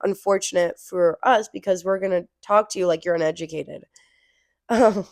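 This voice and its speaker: A woman's voice: fairly low pitch, normal speed, gravelly, no echo, studio quality. A woman co-hosting a casual podcast, telling exasperated stories about customers from her work as a grocery crew member. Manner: storytelling with exasperated retellings of customers. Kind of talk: casual chat.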